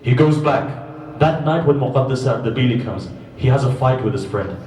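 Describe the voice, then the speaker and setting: A man giving a religious sermon to a gathering, telling stories with animated swings between loud emphasis and quiet asides. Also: mid-range voice, normal speed. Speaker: religious lecturer. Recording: echoey hall, distant mic, faint background noise.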